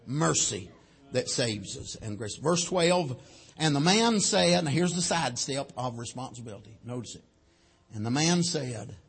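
A male preacher, giving a sermon, swinging from shouted lines to low quiet ones and saying amen often. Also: expressive, unhurried, breathy edge.

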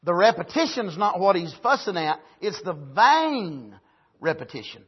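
A man preaching a sermon, husky, punctuating points with amens and building to emphatic, rising bursts. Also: high voice, sing-song, measured pace, lo-fi sound. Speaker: pastor.

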